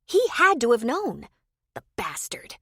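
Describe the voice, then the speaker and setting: A woman's voice: on the high side, expressive, moderate pace, pushed and bright, dry recording, studio quality, pitched above the performer's own voice. A woman voicing a spirited young wife who confronts others sharply and angrily. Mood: furious.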